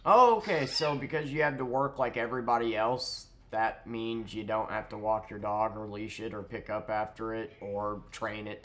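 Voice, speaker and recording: Fed-up man ranting, low voice. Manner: angry, sarcastic, swears freely. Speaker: vlogger. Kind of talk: ranting storytime.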